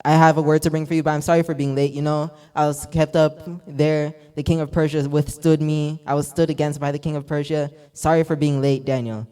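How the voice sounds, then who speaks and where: A man's voice: a little high, flat delivery, a little fast, hardly any pauses, mellow, smooth, lightly acted. A man voicing a male angel who eagerly apologizes for being late, repeating himself as he retells a sermon story. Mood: apologetic.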